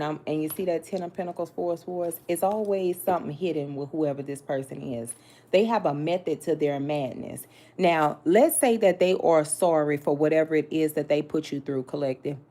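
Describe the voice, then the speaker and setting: With a low, warm voice, a woman does a tarot reading in a sassy, no-nonsense way. She speaks straight to her audience, cursing and using slang freely.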